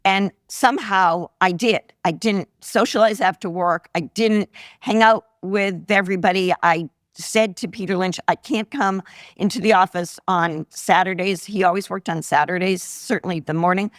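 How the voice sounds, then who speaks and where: Her voice is on the low side and her speed normal, captured cleanly in the studio without echo. The speaker is a woman in her sixties, an investor appearing live on a podcast, animatedly recounting her own stories and imitating the people she quotes, with audience laughter in the background.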